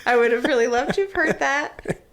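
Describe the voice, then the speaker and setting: A woman's voice: sits high, fairly quick, background noise. A woman co-hosting a podcast in casual chat, giggly and rambling as she explains things. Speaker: podcast co-host.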